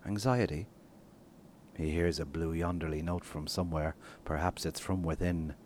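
A man with a very low voice reads from his own novel. His reading is expressive, dropping to near-whispers and then leaping up, with faint ambient noise in the background. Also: normal speed. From Ireland. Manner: expressive reading, swings from hushed to bursts. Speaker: guest author.

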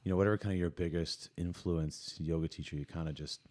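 A man's voice: low-pitched, steady tone, fast, a little mellow. A man from Missouri hosting a casual interview, chatty and encouraging, with frequent short reactions. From Missouri, United States. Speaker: podcast host and yoga teacher.

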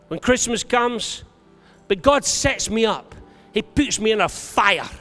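A male preacher telling stories to a congregation, building to shouted calls to praise. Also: very high-pitched. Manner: storytelling, rising to shouted exhortation. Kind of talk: sermon. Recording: long hall reverb with faint music.

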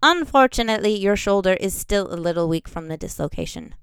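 A woman reading the lines of a mild, motherly female healer who gently scolds her patient. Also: medium pitch, expressive, brisk, smooth, no echo, natural voice.

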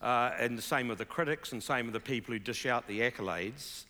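A man leads an onstage interview, and his bright, forward voice carries through the hall with a long echo. He sounds chatty and upbeat, leaning on ums and uhs as he talks. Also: mid-range voice, a little fast. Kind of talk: onstage conversation. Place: large hall with live audience. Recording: reverberant large hall.

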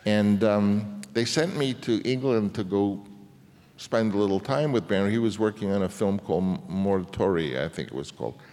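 A man in his seventies tells a long anecdote as a guest on stage, rambling and restarting as he goes. His voice sits fairly low and trails into the long reverb of a hall. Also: moderate pace, a little mellow. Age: 70s. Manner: rambling, with many restarts and fillers. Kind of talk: anecdotal storytelling in a public conversation.

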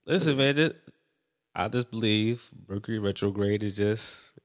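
Laid-back young man with low voice. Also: moderate pace. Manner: laid-back, teasing storyteller. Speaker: podcast co-host. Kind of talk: casual chat.

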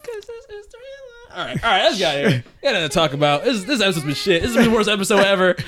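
A man's voice: sits high, lively intonation, rapid-fire, fairly bright tone. A young man co-hosting a podcast, joking and laughing in a casual chat. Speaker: podcast co-host.

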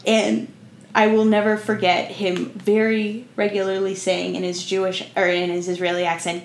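A woman's voice: medium pitch, flat delivery, normal speed. A woman in her twenties co-hosting a podcast, telling a travel story in casual chat with lots of "like" fillers. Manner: chatty storytelling, many "like" fillers. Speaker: podcast co-host. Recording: echoey room with faint noise.

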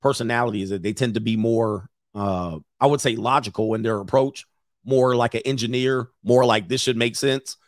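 A man's voice: mid-range voice, moderate pace, no echo. Blunt, opinionated man in dry sound. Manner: blunt, opinionated, rambling with restarts. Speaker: host reading viewer comments. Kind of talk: casual live-stream commentary.

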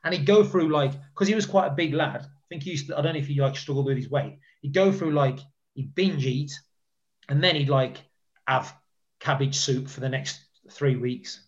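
A man's voice: fairly high pitch, moderate pace. A man with a slightly raised voice rambles through old stories, repeating himself and filling gaps with "like". The recording sounds a bit dull and muffled. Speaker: guest and former footballer. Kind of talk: casual storytelling chat.

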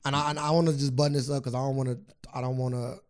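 A man speaks earnestly in casual podcast talk, hedging and restarting as he works through his thoughts. His pitch sits in the middle for a man. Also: flat delivery, racing, darkish tone. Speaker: podcast co-host.

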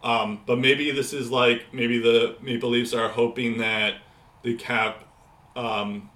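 A man's voice: mid-range voice, flat delivery, slow, bright, forceful tone, reverberant. A man co-hosting a casual podcast chat, rambling with many fillers and restarts. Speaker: podcast co-host.

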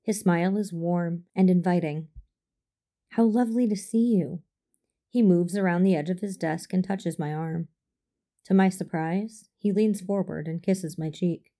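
Brief: woman narrator, first-person story, formal and restrained, gravelly mellow tone. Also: on the low side, fairly even intonation. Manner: measured, formal, restrained delivery. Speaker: audiobook reader. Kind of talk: first-person fan fiction reading.

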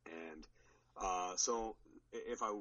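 A man's voice: low-pitched, slow pace, a bit bright, lo-fi sound. A man on a podcast recounting his powerlifting meet in a rambling, casual way, with many restarts. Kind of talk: casual chat.

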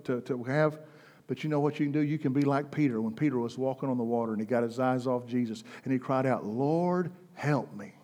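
A man preaching a sermon, impassioned, swinging between loud, soaring declarations and hushed, intense passages. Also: medium pitch. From United States.

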